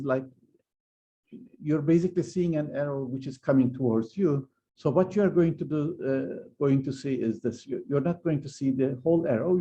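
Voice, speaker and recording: A man lecturing on physics in a very dark, gravelly voice. He explains patiently, pausing often and restarting his sentences. The recording sounds a bit dull and lo-fi. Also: medium pitch. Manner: hesitant, many fillers and restarts while explaining. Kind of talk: university lecture.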